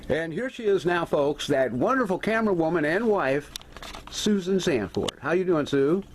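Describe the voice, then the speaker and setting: A man hosting a casual home video, chatting to viewers as folks and talking softly to his cat, filmed on a camera held by his wife. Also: a little high, expressive, moderate pace, slight background noise. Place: at home, partly in sunlight.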